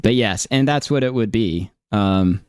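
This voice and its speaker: A man's voice: on the low side, measured pace, a little mellow, clean tone, dry recording, studio quality. A man hosting a reaction stream, talking casually with disbelief and many fillers. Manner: incredulous, hedging, many fillers. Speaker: stream host reacting to clips.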